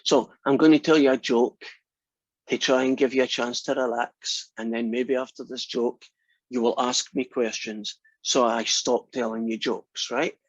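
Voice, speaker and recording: A man's voice: medium pitch, steady tone, unhurried, dry recording, lo-fi sound. A man lecturing a math class over a video call in a rambling, joking way. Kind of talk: casual online lecture.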